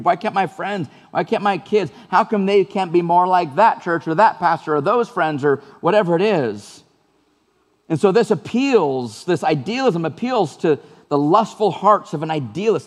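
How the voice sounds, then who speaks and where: Male pastor, slightly high voice, earnest conversational sermon with repeated phrases, long hall reverb.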